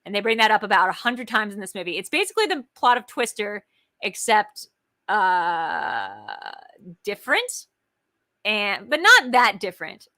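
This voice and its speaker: A woman co-hosting a casual chat over a video call, talking in an excitable, jokey and rambling way. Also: medium pitch, moderate pace, no echo. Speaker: co-host.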